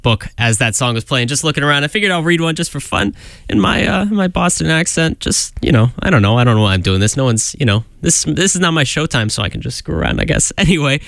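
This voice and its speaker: A man's voice: a little high, expressive, quick pace, gravelly, fairly bright tone, dry recording. A man DJing on college radio, chatting casually in a loose, self-mocking way full of fillers and restarts. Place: radio studio.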